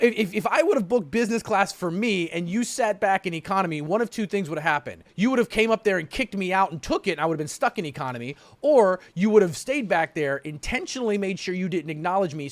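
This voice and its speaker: A man's voice: on the high side, fast talker, no room sound. A man hosting a stream, telling a story casually and animatedly, often restarting his sentences. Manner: animated, frequent restarts and repeated words. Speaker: stream host.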